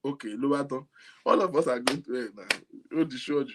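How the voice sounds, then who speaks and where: A man's voice: mid-range voice, a little fast, heavy background noise. A man with a Nigerian accent talking casually to camera, amused and incredulous, laughing often as he comments. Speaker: vlogger.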